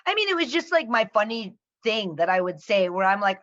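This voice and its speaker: A woman's voice: mid-range voice, brisk, dull audio. A woman from the American Midwest with an American accent, chatting casually as a podcast guest and acting out the voices of people in her stories. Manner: animated storyteller, acts out quoted voices. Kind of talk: casual chat.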